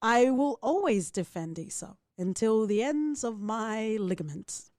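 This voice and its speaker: A woman co-hosting a podcast in casual chat, joking in a playful, crude and animated way. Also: fairly high pitch, measured pace, no room sound, clean studio sound. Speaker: podcast co-host.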